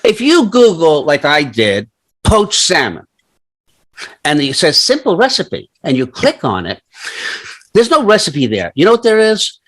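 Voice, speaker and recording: An older man co-hosting a casual talk show, telling stories in an animated, mock-ranting way. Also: on the high side, measured pace. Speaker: podcast co-host. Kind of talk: casual chat.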